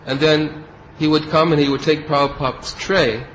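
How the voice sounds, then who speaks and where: A man's voice: fairly high pitch, fairly even intonation, normal speed, a bit bright. A man leads a devotional class as a spiritual teacher, telling a story from start to end and lending his voice to the people in it. The recording is dull and lo-fi, with a faint hiss underneath. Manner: storytelling, acts out quoted speech.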